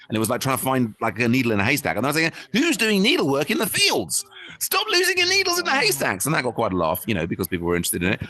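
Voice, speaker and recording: Male stand-up host, rambling self-mocking patter, quick and lively, bright headset sound. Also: mid-range voice. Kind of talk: improvised stand-up to a virtual audience. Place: virtual-reality social world, talking into a headset.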